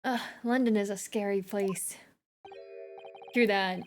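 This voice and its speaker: A woman's voice: medium pitch, steady tone, slow, pauses often. A woman with an American accent chatting casually and giggling as she plays through a story game on stream.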